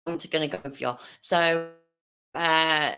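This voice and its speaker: A woman's voice: deep voice, steady tone, slow, pushed and bright, faint music behind. A woman hosting a live stream, reacting to a video with blunt, sarcastic commentary and plenty of swearing. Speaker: livestream host reacting to a video.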